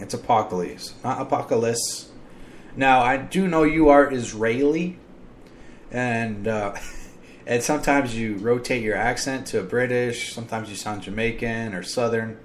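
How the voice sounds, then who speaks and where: A man's voice: medium pitch, slight background noise. An American man hosting his own podcast, talking in a blunt, exasperated and profane ranting monologue. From United States. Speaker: podcast host.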